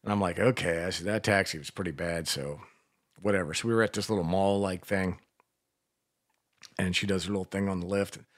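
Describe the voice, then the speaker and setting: A man's voice: deep voice, fairly even intonation, fairly quick, pauses often, no echo, clean studio sound. An older man co-hosting a radio show, telling rambling stories full of swearing in casual banter. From Washington, D.C. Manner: profane, rambling storyteller. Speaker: radio co-host.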